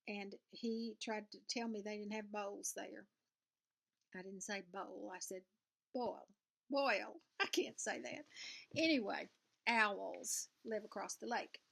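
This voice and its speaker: A woman's voice: mid-range voice, gravelly, a bit bright. An older woman with a Southern US accent, chatting casually to camera from her sewing room in a rambling, folksy way. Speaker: cross-stitch vlogger. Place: home sewing room, indoors.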